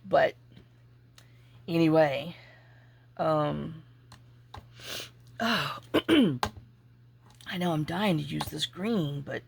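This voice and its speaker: A woman hosting a crafting vlog, chatting casually and telling a rambling, animated story with asides while she works. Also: sits low, very slow, creaky, pauses often, slight background noise. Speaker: junk journaling channel host.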